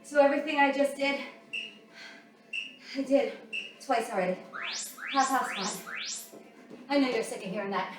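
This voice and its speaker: A woman's voice: high voice, moderate pace, long pauses, background noise. A woman fitness instructor coaching a workout while doing it herself, out of breath, counting down and calling out moves. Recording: echoey room, voice from far off, music playing.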